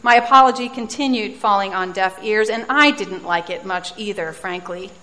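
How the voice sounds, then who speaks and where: A woman's voice: mid-range voice, moderate pace, pushed and bright. A woman preaching a sermon, telling a personal story in a reflective, self-deprecating way. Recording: reverberant hall.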